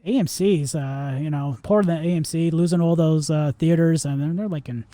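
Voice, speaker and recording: A man's voice: on the high side, a little fast, mellow, dry recording. A man in his forties hosting a podcast, rambling in a casual monologue full of fillers and restarts. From Florida, US. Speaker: podcast host.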